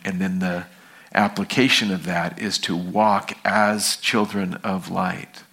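Slow, bright-voiced man preaching. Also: on the low side, fairly even intonation, creaky. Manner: conversational teaching with scripture readings, asks congregation questions. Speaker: pastor. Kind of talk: sermon.

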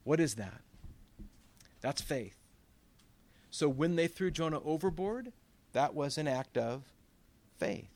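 A man's voice: on the high side, lively intonation, slow, long pauses, darkish tone. A man preaching a sermon as pastor, telling stories with quoted voices and emphatic rises. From Northern California.

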